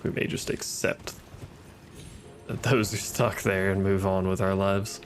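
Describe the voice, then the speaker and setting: A man's voice: deep voice, flat delivery, a little slow, a little hiss or hum. A man giving casual, sarcastic gameplay commentary, muttering and swearing at the game as he plays. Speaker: gaming streamer. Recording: game music behind voice. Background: game music.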